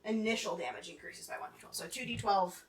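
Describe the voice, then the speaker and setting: A woman's voice: medium pitch, fast talker, far from the mic. A woman playing a tabletop game, chatty, swearing casually and asking rules questions. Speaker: player. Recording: roomy, from off-mic.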